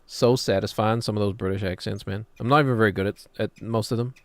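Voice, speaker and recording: A man's voice: lowish voice, steady tone, fast talker, no echo. A man, streaming a game and chattering casually, rambling and joking as he plays. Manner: rambling, jokey, drifts into put-on British voices.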